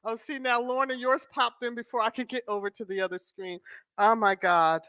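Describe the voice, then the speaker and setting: A woman's voice: on the high side, steady tone, normal speed, fairly bright tone, no echo. A woman hosting a casual livestream, chatting affectionately with viewers and breaking into laughter often. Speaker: host of a royal-news channel.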